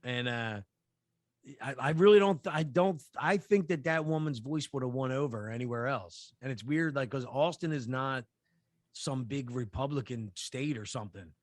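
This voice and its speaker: A man's voice: mid-range voice, moderate pace, dry recording, clean studio sound. A man co-hosting a podcast, telling a story in casual chat, rambling with lots of fillers, restarts and swearing. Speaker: podcast co-host.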